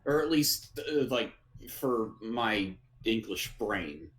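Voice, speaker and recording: A man co-hosts an anime podcast, recapping episodes in an easygoing chat full of fillers and hesitations, laughing often. His lowish voice is animated and a bit bright, and he takes it slowly. The recording is rough.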